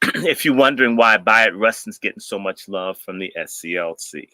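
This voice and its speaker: A man in casual talk, telling stories in an animated way and slipping into mocking voices. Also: fairly low pitch, moderate pace, dry recording.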